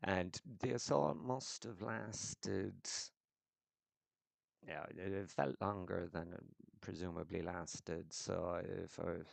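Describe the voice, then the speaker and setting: A man telling a story in a casual, profane rant, sardonic and halting with frequent restarts. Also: low-pitched, gravelly, no echo. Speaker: vlogger.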